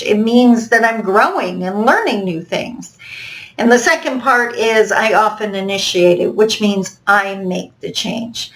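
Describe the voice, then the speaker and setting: A middle-aged woman with a slightly higher voice talks straight to her viewers in a recorded course lesson. Her delivery is upbeat and encouraging, like a coach cheering students on. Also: fairly bright tone, low-quality recording. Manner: upbeat, encouraging, direct address. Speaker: online course instructor.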